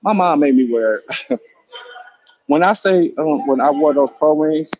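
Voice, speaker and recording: A man's voice: a little high, measured pace, highs cut off. Profane, laughing man telling stories. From East Oakland, California. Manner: profane, laughing, animated storyteller. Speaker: host. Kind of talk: casual storytelling chat. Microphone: handheld phone.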